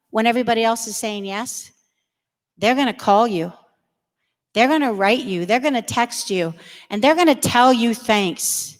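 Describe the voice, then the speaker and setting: A woman giving an earnest, emphatic religious education talk to parents and teens in a church hall. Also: fairly high pitch. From United States. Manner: earnest, emphatic, acts out kids' voices. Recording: long reverb of a large hall.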